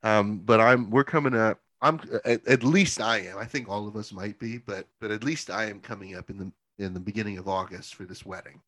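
A man who works in church leadership, chatting casually and telling animated stories, swearing freely and laughing often. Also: fairly low pitch, a little fast, hardly any pauses, dry recording. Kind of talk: casual chat, storytelling.

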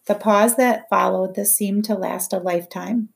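Casting: female audiobook narrator, measured first-person storytelling. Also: medium pitch, steady tone, gravelly. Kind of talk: scripted narration.

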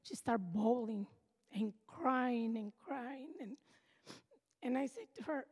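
High-voiced older woman giving testimony. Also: lively intonation, slow, darkish tone, husky. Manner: earnest, emotional storytelling. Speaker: church member giving testimony. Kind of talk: personal testimony. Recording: reverberant hall.

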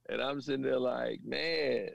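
A man from a Panamanian family in the US, telling stories in a casual conversation with animated slang. He often asks "you know what I'm saying". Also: medium pitch, creaky, no room sound, rough recording. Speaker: guest.

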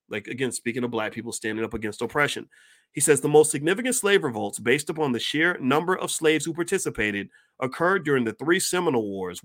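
A man reading passages from a book aloud and breaking off into animated commentary, sometimes stumbling over words. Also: mid-range voice. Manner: reads passages then breaks off into animated asides.

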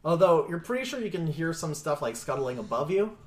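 A man's voice: fairly high pitch, big pitch swings, fairly quick. A man running a tabletop game as game master, narrating in a laid-back way with chuckles and sound effects. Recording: echoey room.

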